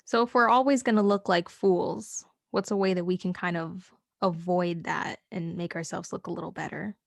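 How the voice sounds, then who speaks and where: A young adult woman co-hosting a casual podcast, chiming in with playful jokes and quick affirmations. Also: lowish voice, steady tone, vocal fry, no room sound, clean studio sound. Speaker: podcast co-host. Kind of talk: casual chat.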